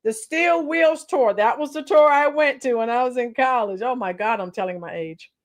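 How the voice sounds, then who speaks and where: At a moderate pace and a fairly high pitch, this woman in her fifties chats casually with her livestream viewers and reads the chat. She is a schoolteacher and occasionally breaks into song.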